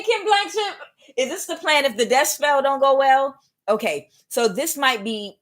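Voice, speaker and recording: A woman giving a live tarot reading, talking in a rambling, repetitive way and speaking straight to her viewers. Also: on the low side. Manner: rambling and repetitive, many restarts; addresses viewers directly. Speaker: tarot reader.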